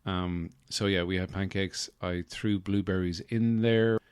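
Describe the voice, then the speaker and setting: A man hosting a casual solo podcast, rambling with deadpan humor and lots of fillers into a close mic. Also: sits low, unhurried, clear, resonant tone, dry recording. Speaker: podcast host.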